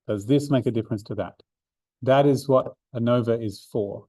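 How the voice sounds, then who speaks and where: A man's voice: medium pitch, normal speed, dark tone, dry recording. A man, a maths learning centre coordinator, explains a revision seminar step by step with fillers and restarts. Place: room, drawing notes for an overhead camera.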